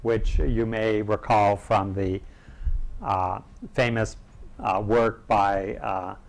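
A man giving an academic seminar lecture, halting, with many filler pauses and the odd throat-clearing. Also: fairly low pitch, steady tone. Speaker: seminar speaker.

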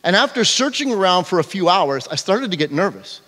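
Here is a man preaching in a church sanctuary with a fairly high voice. He tells his stories with animation and keeps checking in with the congregation. The sound trails off in a long hall reverb. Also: brisk. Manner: animated storytelling, frequent "okay?" check-ins. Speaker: pastor. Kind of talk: sermon.

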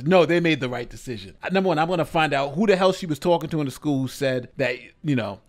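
A man hosting reaction commentary on a news story, talking in an animated, incredulous way with lots of rhetorical questions. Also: fairly high pitch, fast. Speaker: commentary host.

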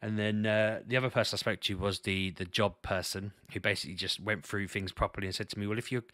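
A man's voice: on the low side, fairly even intonation, fast talker, sharp tone, no echo, clean studio sound. A young man vlogging casually about his week, rambling with restarts and mocking quotes. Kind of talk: casual personal vlog.

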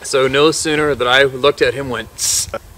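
A man who works as a hunting guide tells a tense story in a vivid, excitable way, laughing often between phrases and swearing casually. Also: medium pitch, moderate pace, a little hiss or hum. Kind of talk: animated storytelling. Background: music.

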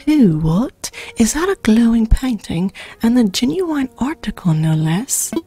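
A woman's voice: a little high, big pitch swings, measured pace, warm tone, soft background music, pitched above the performer's own voice. A woman voicing a polite, fussy male owl museum curator in a video game, reading his lines in a formal, old-fashioned way. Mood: delighted. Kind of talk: reading game dialogue aloud in character.

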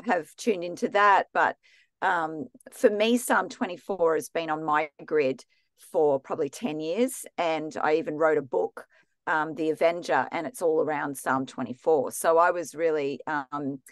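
Australian woman, lower voice, bubbly and chatty teacher, dry close sound. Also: dry recording. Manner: chatty, enthusiastic, many restarts and fillers. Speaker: guest teacher in a theology class. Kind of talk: casual, chatty teaching talk.

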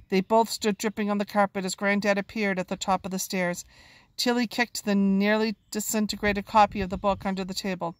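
A woman reads a children's book aloud, bringing the story to life expressively. Her voice sits at a middling pitch and sounds close and dry, with no room echo. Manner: expressive, lively narration of dialogue.

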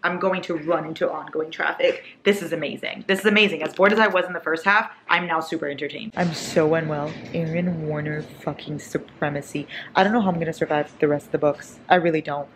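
A woman's voice: deep voice, steady tone, a little fast, few pauses, a little hiss or hum. A young woman vlogging about her reading at home, talking casually and dramatically, gushing and swearing as she reacts. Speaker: book vlogger.

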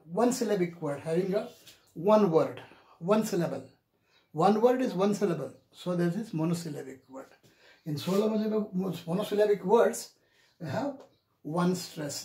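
A man teaching an English pronunciation lesson in a deliberate way, repeating each example word several times. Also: sits high, mellow. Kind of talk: classroom lecture on pronunciation. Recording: echoey room.

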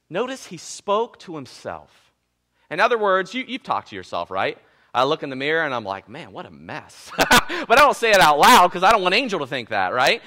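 A man preaching a sermon in a church auditorium, animated and conversational, joking with the congregation. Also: sits high. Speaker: pastor.

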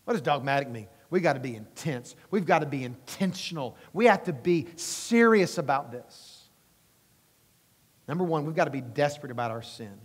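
Man, pastor, sermon, emphatic delivery, high pitch, long reverb. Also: husky. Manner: emphatic, rising preaching with acted-out quotes.

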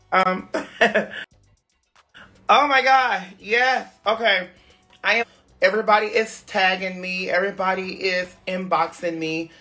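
A man chatting on a phone livestream, weary and halting, with many fillers. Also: sits high, pushed and bright. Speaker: live streamer. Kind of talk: rambling casual livestream chat.

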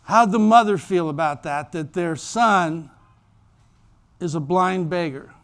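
Male pastor, high voice, lively sermon delivery with acted-out voices. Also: a little slow. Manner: animated storytelling, acts out voices. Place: church.

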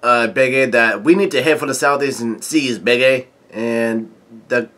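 Halting, bright-voiced man recapping a comic. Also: medium pitch. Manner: halting, stop-start delivery with frequent filler sounds; reads quoted lines in a mostly flat voice. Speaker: manga chapter reviewer. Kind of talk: casual recap and commentary.

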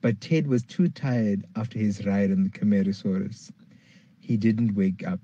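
A man reading a children's dinosaur story aloud, lively, jumping up high for the characters' lines. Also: moderate pace, breathy edge, highs cut off.

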